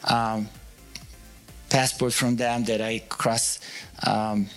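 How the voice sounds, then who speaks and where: Animated male storyteller. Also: mid-range voice, very slow, soft background music. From Bulgaria. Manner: animated storyteller, broken phrasing, acts out quotes. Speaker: ministry speaker. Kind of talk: storytelling sermon talk.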